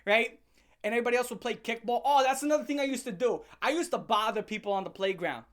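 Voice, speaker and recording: A woman hosting a comedic rant. She tells stories in a loud, profane way, fires off repeated rhetorical questions, and breaks into laughs. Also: a little high, fast talker. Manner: animated, profane storytelling with sudden shouts and laughs. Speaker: channel host.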